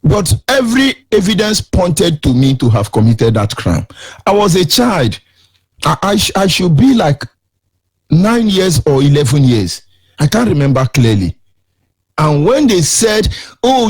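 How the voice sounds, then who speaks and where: A man's voice: high-pitched, sing-song, measured pace, husky. A middle-aged man with a Nigerian accent hosting a radio show, delivering emphatic, sermon-like commentary with sing-song rises.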